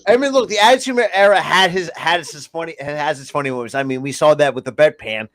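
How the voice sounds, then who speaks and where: A man's voice: on the high side, fast talker, a bit bright. A man on a podcast, casually reminiscing about old wrestling moments and swearing loosely.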